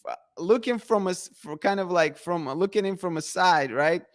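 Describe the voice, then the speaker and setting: A man's voice: sits high, moderate pace, no room sound. Guy chatting on a livestream, laughs a lot, dry close sound. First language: Russian. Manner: chatty, laughs often, trails off and restarts. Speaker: livestream host. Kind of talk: casual livestream chat reading comments.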